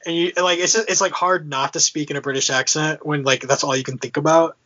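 A man's voice: a little high, steady tone, fairly quick, pushed and bright, highs cut off. A man in casual chat, hesitant and full of fillers.

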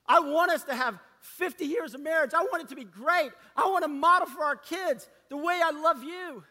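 A man preaching a sermon to a gathering of men, impassioned, dropping to a hush and rising again. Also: very high-pitched, moderate pace. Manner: impassioned preaching, swinging between loud and hushed. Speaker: pastor. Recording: long hall reverb.

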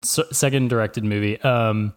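A man's voice: fairly low pitch, steady tone, normal speed, clean tone. A man co-hosting a film podcast, chatting casually and laughing easily, with a rambling, playful way of talking. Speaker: podcast co-host. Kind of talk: casual chat.

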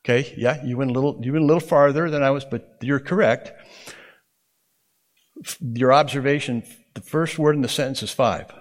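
A man of ordinary pitch teaching a Bible class in a classroom. He explains in a relaxed, conversational way and often turns to the students with "okay?" or "right?". His voice sits in an unremarkable middle range. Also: moderate pace.

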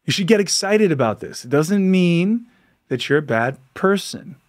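A man's voice: high voice, lively intonation, moderate pace. A man hosting a podcast, delivering an impassioned monologue full of rhetorical questions and frequent laughs. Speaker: podcast host.

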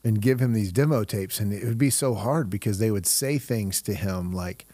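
A man's voice: on the low side, moderate pace, warm tone, no echo. A middle-aged man hosting an interview, telling stories with chuckles and searching phrasing. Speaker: host, youth leader. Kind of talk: casual interview chat.

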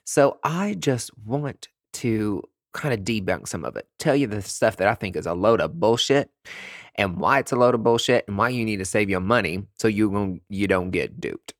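A man's voice: fairly low pitch, dry recording, clean studio sound. A young man hosting a podcast, talking in a sassy, campy way with big swooping emphasis. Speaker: podcast host and aesthetic provider. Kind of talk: casual monologue.

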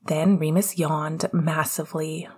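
A woman narrating fan fiction in a steady, hushed way. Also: deep voice, measured pace, slightly rough.

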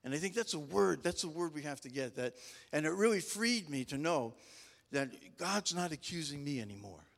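Middle-aged male preacher, higher voice, loose storytelling with restarts, echoing in a large hall. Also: lively intonation, moderate pace, creaky, fairly bright tone. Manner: rambling, stop-start storytelling with frequent restarts; folksy and humorous. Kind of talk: casual conversational sermon. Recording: long reverb of a large hall.

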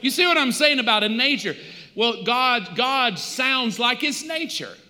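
A man's voice: extremely high pitch, expressive, a little slow, sharp tone, big-room sound. A male pastor, preaching in a conversational, storytelling way with touches of humor. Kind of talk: sermon.

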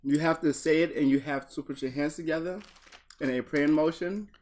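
A man's voice: on the high side, steady tone, fairly quick, darkish tone, slight background noise. A man co-hosting a casual podcast at home, tossing in offbeat jokes and asides. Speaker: podcast co-host. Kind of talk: casual chat. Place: apartment in the Bronx.

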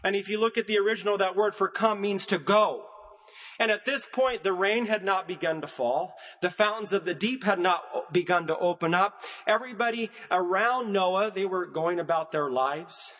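A man with a high-pitched, slightly bright voice preaches a sermon in a measured cadence, using repetition to drive his points home. The long reverb of a church sanctuary carries his words.

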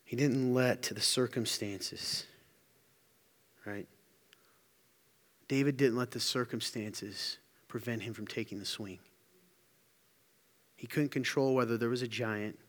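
A man preaching a sermon as a pastor, telling stories with lively acted-out quotes. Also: medium pitch, slow, long pauses. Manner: animated storytelling, acts out quotes. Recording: live hall reverb.

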